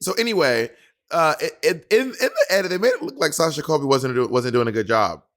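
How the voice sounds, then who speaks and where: A man in his thirties co-hosting a podcast in casual chat, sassy and profane, jumping into high mock voices when quoting people. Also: huge pitch swings, fast, fairly bright tone. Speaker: podcast co-host.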